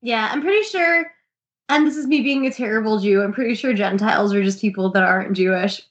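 A woman's voice: medium pitch, a little fast, slightly rough, lo-fi sound. A woman co-hosting a podcast, telling stories in casual chat. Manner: chatty storyteller, laughs while recounting. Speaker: podcast co-host.

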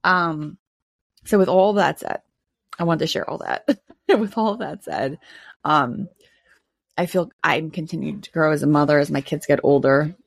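A woman hosts her own podcast in a relaxed solo monologue, candid and chatty, laughing often between thoughts. Her voice sits low with a gravelly, husky edge. The recording is dry, with no room sound. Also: measured pace, pauses often, dry recording. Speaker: podcast host.

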